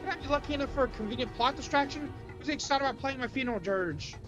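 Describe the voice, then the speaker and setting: A woman's voice: sits high, very fast, lo-fi sound, music in the background, voice pushed up, natural voice. A woman voicing a defiant young woman hostage with a sarcastic, profane way of talking.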